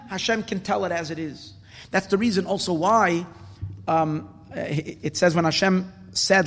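A man's voice: sits high, expressive, a little slow, a bit bright. A man giving a spoken Torah class, earnest and emphatic, often repeating words as he explains. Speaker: Torah teacher. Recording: long hall reverb.

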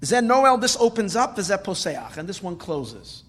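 High-voiced man teaching a Torah class. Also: big pitch swings, unhurried, fairly bright tone, long reverb tail. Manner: questioning, explains Hebrew phrases with translations.

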